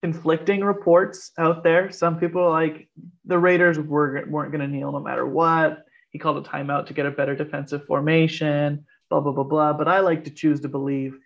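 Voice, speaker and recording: A man's voice: fairly high pitch, moderate pace, creaky. A man hosting a podcast, chatting casually and ranting about football with frequent laughs. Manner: animated, laughs often, rants. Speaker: podcast host. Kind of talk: casual sports chat. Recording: muffled lo-fi podcast audio.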